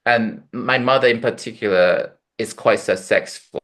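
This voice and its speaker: A man's voice: fairly low pitch, moderate pace, a bit bright. Man telling wry stories. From Taiwan. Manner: dry, self-mocking storytelling with punchline jokes. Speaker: comedian guest. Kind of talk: casual interview chat.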